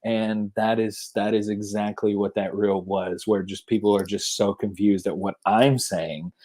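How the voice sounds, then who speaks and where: A man's voice: lowish voice, steady tone, unhurried, darkish tone. A man in his thirties with a Southern US accent, a podcast guest chatting casually and rambling through restarts. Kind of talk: casual chat.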